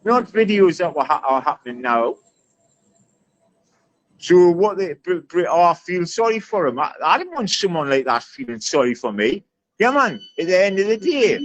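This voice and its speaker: A man's voice: high-pitched, very animated, moderate pace. A man talking bluntly on a livestream panel, swearing and restarting his sentences. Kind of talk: heated livestream argument. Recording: muffled lo-fi stream audio.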